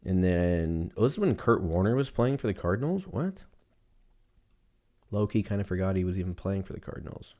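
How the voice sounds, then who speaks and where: Young man, low-pitched, casual solo talk, profane, rambling. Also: animated, fast, few pauses, a little mellow.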